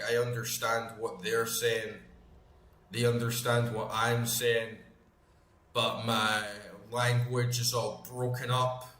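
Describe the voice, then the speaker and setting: A man's voice: mid-range voice, a bit bright. A man in his thirties, a gaming channel host, chatting casually while playing, rambling with lots of fillers and swearing freely. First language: English. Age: 30s. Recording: roomy echo, faint background noise.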